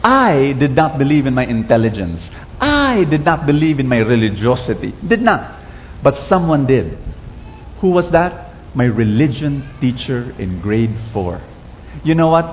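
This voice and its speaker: A man's voice: on the high side, long reverb tail, lo-fi sound, a little hiss or hum. A man with a Filipino accent preaching a sermon to an audience, calling for responses and telling stories from his childhood. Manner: lively, calls for audience responses. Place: large hall with an audience.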